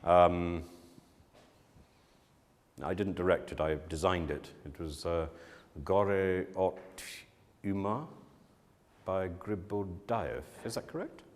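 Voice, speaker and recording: A man teaching students, speaking slowly and acting out the things people say with lively emphasis. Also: deep voice. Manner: slow, lively, acts out quotes with emphasis. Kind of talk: talk to students on directing and teaching. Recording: long hall reverb.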